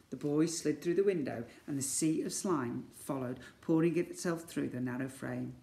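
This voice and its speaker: Male teacher, storybook read-aloud for small children; expressive, gravelly edge, roomy echo. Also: on the high side, normal speed, hardly any pauses. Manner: animated, voicing sound effects and characters. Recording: echoey room.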